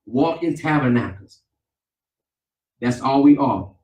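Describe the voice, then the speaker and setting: A man, a pastor preaching a sermon with call and response. He swings between loud, emphatic lines and softer ones. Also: medium pitch, expressive, slow pace. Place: church sanctuary. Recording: echoey church, mic at a distance.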